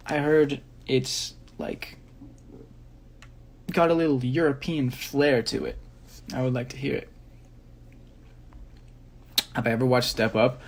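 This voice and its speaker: A young man, a dancer, answering fan questions on a phone live stream, relaxed and rambling, reading each question aloud. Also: on the high side, a little slow, long pauses. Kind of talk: casual live-stream chat.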